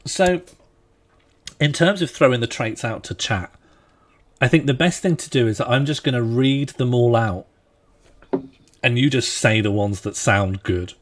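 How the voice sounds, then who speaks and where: A man's voice: medium pitch, measured pace, pauses often. A young man hosting a casual game livestream, joking and laughing as he rattles off long lists. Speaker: streamer playing a strategy game.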